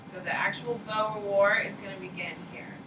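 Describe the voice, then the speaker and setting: A woman's voice: mid-range voice, fairly even intonation, normal speed. A woman teaching a history lecture to a class in a casual, emphatic way, repeating key points and checking in with "okay". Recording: roomy echo, distant mic, noisy.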